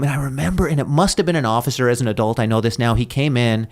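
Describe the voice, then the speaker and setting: A man's voice: mid-range voice, fast. A man talking as a podcast guest in a casual, rambling storytelling manner, full of fillers and restarts, often laughing at himself. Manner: laughs at his own story. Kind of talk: conversational storytelling.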